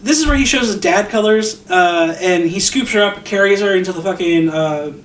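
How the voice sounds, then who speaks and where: A man with a high voice tells a movie's plot in a loose, animated way, jumping into characters' lines and cursing often. He sounds distant from the mic in an echoey room, with a faint hiss behind him. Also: normal speed. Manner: animated retelling, acts out characters' lines, swears freely. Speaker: podcast co-host. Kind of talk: casual movie recap.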